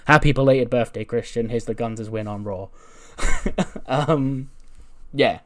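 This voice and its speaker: Guy narrating his wrestling game save, chatty, does little voices for everyone. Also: medium pitch. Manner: animated storyteller, quick voices for characters. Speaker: gaming YouTuber narrating a wrestling sim. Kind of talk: casual narrated playthrough, acting out dialogue.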